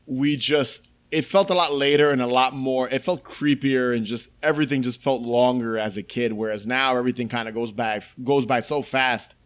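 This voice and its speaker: A man's voice: mid-range voice, fairly even intonation, moderate pace, hardly any pauses, clear, resonant tone. Laid-back guy hosting a podcast, chill and reassuring. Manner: easygoing, reassuring, chuckles along. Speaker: podcast host. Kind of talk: casual chat.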